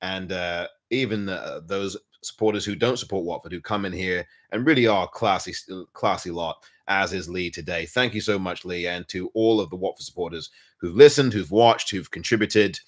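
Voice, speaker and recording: A man's voice: deep voice, normal speed. A man with an English accent hosting a casual post-match football chat, laughing at his own slip-ups and teasing himself by name. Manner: self-mocking, talks to himself by name. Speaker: podcast host.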